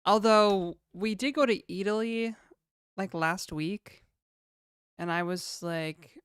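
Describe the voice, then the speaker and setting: A woman's voice: medium pitch, unhurried, smooth, dry recording, clean studio sound. A young adult woman with a Canadian accent chatting casually on a livestream, reading viewer questions aloud and answering them in a laid-back way.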